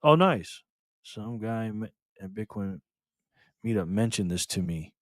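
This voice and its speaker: A man hosting a casual livestream, calling out viewers and donations with upbeat shout-outs. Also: lowish voice, animated, a little slow, no room sound, clean studio sound. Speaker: livestream host.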